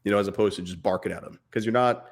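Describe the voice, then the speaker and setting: A man's voice: lowish voice, rapid-fire. A man in his thirties co-hosting a casual fatherhood chat, earnest and talking in bursts. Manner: earnest, speaks in bursts, imitates barking dad voice. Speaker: podcast co-host.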